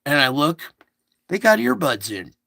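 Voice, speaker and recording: A man's voice: on the high side, big pitch swings, unhurried, creaky, bright, forceful tone, dry recording. A man recounting a recurring dream in a rambling, repetitive casual monologue, stopping now and then to fiddle with his equipment.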